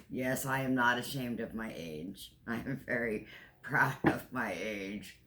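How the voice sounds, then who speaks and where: A man's voice: medium pitch, measured pace, noisy background. A man in his sixties giving a spiritual tarot reading, earnest and emotional, often repeating and restarting phrases. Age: 60s. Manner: emotional, tearful at times, earnest and encouraging. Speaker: tarot reader. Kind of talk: spiritual card reading monologue.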